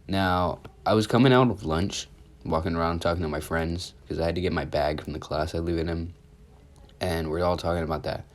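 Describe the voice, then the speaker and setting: A man's voice: sits low, brisk. A sick man with a sore throat and sniffles, rambling casually through a story from school. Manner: rambling, casual with many fillers. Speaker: youtuber. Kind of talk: storytime vlog.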